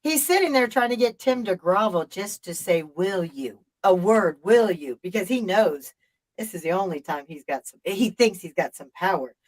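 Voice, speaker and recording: A woman's voice: mid-range voice, expressive, normal speed, rough recording. Emphatic middle-aged woman telling a story. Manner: emphatic, profane, rambling retelling. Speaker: live-stream host. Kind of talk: casual storytelling chat.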